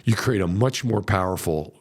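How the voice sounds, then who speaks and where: A man's voice: sits low, moderate pace. A middle-aged man, a veteran wholesaler talking in a conversational coaching way and acting out client quotes as he goes. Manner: animated storyteller, acts out client quotes.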